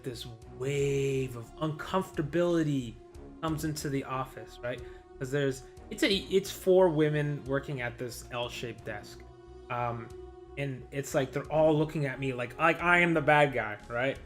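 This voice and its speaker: A man's voice: a little high, a bit bright. A man venting in a casual vlog, rambling and frustrated, with lots of restarts and quoted back-and-forth. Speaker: vlogger.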